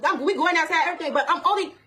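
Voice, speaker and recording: A woman's voice: very high voice, very fast, sharp tone. A woman ranting heatedly on a livestream, angry and profane, often laughing as she talks. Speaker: mother speaking on a livestream.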